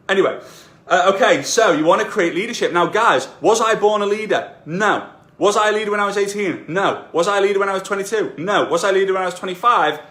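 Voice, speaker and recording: A man's voice: on the high side, fairly bright tone. A man coaching network marketers on a casual live stream from his home, rambling and self-deprecating. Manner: chatty, self-deprecating, repeats himself. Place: room at home. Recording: echoey room.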